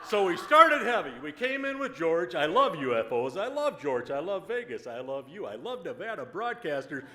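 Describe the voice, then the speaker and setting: A man giving a loud, joking, profanity-laden acceptance speech at an awards dinner. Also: a little high, big pitch swings, normal speed. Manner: loud, joking, swearing freely. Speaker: company CEO accepting an award. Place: banquet hall at an awards dinner. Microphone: podium microphone. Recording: live hall recording with crowd and noise.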